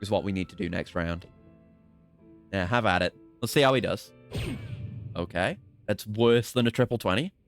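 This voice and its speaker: A man's voice: on the low side, moderate pace, pauses often, faint music behind. A man streaming a game, commentating casually with playful, jokey trash talk.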